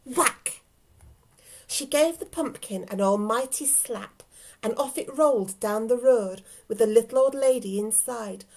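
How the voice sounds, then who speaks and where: Slow, gravelly teacher reading aloud. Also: female voice, fairly high pitch, rough recording. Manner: expressive, talks to young listeners. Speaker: teacher reading to her class. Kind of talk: storybook read-aloud for children.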